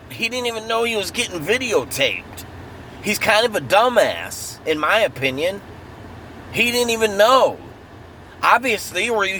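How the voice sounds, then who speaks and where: A male vlogger with a high, sharp voice goes on a heated, profane true-crime rant, angry and repetitive. He's recording outdoors near traffic.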